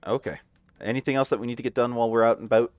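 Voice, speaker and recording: A man chatting casually with his wife while they play an online game at home, making wry deadpan jokes. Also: mid-range voice, rapid-fire, clean tone, no echo. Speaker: gamer playing with his wife. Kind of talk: casual let's-play chat.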